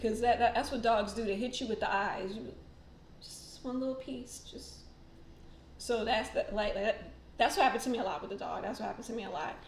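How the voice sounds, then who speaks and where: A woman's voice: mid-range voice, fast, hardly any pauses, slight background noise. Chatty woman host in an echoey room. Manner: chatty, rambling, many fillers and laughs. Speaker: tarot channel host. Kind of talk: casual livestream chat.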